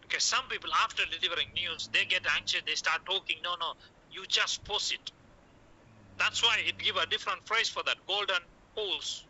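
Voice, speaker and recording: A man lecturing in short, repetitive coaching phrases, with "okay" after nearly every point. His voice sits a little high for a man and sounds very bright and sharp. He acts out the doctor's lines as he teaches. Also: normal speed, poor audio. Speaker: medical communication teacher. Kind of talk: classroom lecture.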